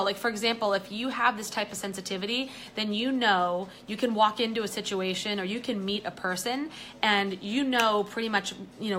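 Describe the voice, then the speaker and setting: A chatty woman gives a live angel card reading and greets her viewers between cards. Her voice is bright and forward, with a faint hiss of noise underneath. She talks loosely and fills gaps with "you know.". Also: medium pitch.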